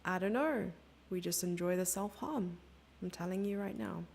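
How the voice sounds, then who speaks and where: A woman's voice: lowish voice, normal speed, creaky, darkish tone, slight background noise. A woman from Germany giving casual, self-mocking live chess commentary, chatting with her viewers and thinking aloud over the moves.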